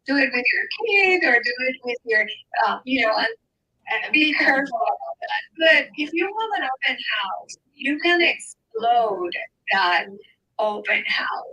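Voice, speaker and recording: A woman with an accent talking on a video call, her voice high and bright. She speaks animatedly and often repeats words as she goes. It is a relaxed, chatty delivery. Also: measured pace, poor audio. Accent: foreign accent. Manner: animated, enthusiastic, repeats herself. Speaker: guest. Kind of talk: casual chat.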